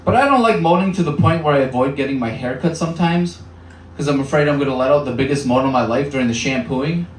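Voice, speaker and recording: Stand-up comic in an echoey bar. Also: male voice, medium pitch, fast, a little hiss or hum. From Upper Peninsula of Michigan. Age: 30s. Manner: conversational with filler words, acts out voices. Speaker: stand-up comedian. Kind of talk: stand-up comedy set. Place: small bar. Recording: echoey bar room, mic heard from a distance.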